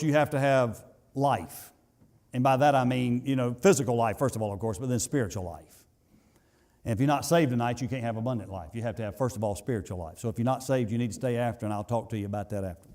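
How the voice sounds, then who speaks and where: A pastor preaching a sermon in a church, building to emphatic peaks and then dropping to soft asides, with some halting repeats. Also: male voice, medium pitch. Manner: halting repetitions. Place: church sanctuary.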